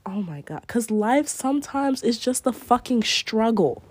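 A woman's voice: fairly high pitch, very animated, unhurried, hardly any pauses, darkish tone, dry recording. A woman hosting a casual solo podcast, speaking candidly and reflectively and cursing freely in a slang-heavy drawl. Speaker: podcast host.

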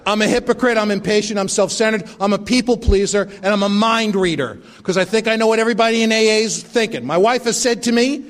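A man's voice: high-pitched, fast talker, hardly any pauses. A middle-aged man sharing his recovery story at a meeting, with wry, self-mocking humor.

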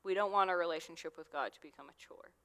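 This youth minister, a young adult woman, preaches in a loose, conversational way packed with fillers. Her pitch is fairly low, her tone fairly bright, and she speaks quickly inside a long, reverberant hall.

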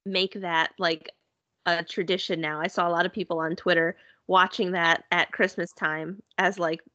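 A woman's voice: lowish voice, little pitch movement, moderate pace, pushed and bright, no echo, highs cut off. A woman in casual conversation, chatty and upbeat, filling her talk with "like" and "you know". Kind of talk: casual chat.

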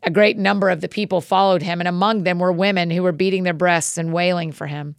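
A woman hosting a daily Bible-reading podcast, reading scripture aloud in an earnest, steady way. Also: fairly low pitch, fast talker, creaky, hardly any pauses, clear, resonant tone, dry recording, clean studio sound.

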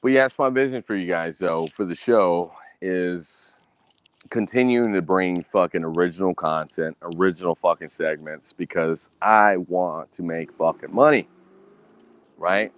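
Speaking a little slowly, with no echo on the recording, this podcast host rants alone in an angry, boastful, profane way. He keeps repeating himself and puts on a high voice to mimic other people.

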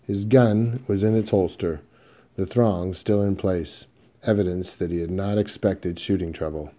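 A man narrating a western audiobook in the first person, in a steady, measured storytelling manner. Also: low-pitched.

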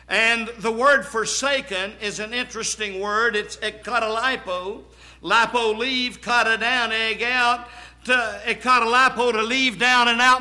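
A man preaching a dramatic sermon, slow and emphatic, his voice swelling into shouts on key words. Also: extremely high pitch. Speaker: pastor.

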